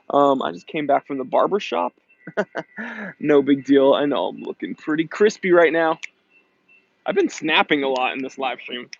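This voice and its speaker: An American man with a slightly high voice and vocal fry hosts a casual live stream, chatty and upbeat. He reads viewer comments aloud and laughs often, over slight background noise and slightly dull lo-fi stream audio.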